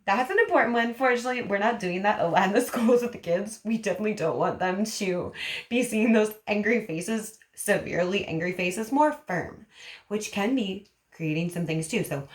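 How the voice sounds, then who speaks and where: A woman speech therapist explaining to parents in an animated, demonstrative way, acting out emotions as she teaches. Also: mid-range voice, normal speed. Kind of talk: parent education vlog. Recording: roomy echo.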